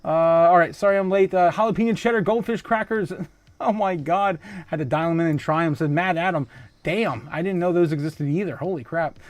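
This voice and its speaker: A man with a fairly high voice hosts a casual livestream, reading viewer comments and reacting with frequent laughter. His talk is loose and full of fillers, restarts and exclamations. The sound is close and dry, with no room around it. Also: a little fast, no room sound. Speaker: livestream host.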